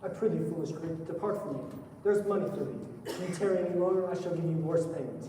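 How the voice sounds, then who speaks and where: A proud young gentleman declaims old verse in a high, formal voice, played by a teenage boy on a school stage. He sounds distant, with a very echoey hall around him and faint audience noise. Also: fast, natural voice. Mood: irritated. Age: late teens. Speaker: student actor.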